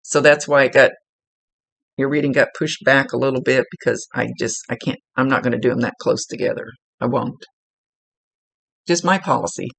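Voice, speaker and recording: Gravelly-voiced chatty woman medium. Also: extremely low pitch, moderate pace. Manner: rambling, chatty, restarts sentences often. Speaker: psychic medium. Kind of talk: casual one-on-one reading monologue.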